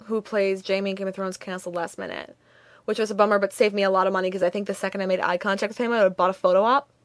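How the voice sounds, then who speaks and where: A woman's voice: mid-range voice, steady tone, rapid-fire, dry recording. A young woman with a Minnesotan accent, co-hosting a podcast in casual chat, gushing and giggly with lots of fillers. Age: young adult. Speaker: podcast co-host.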